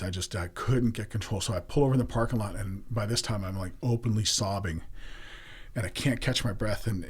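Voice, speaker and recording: A man's voice: fairly low pitch, slightly rough. A middle-aged man telling a personal story as a podcast guest, candid and earthy, growing emotional as he speaks.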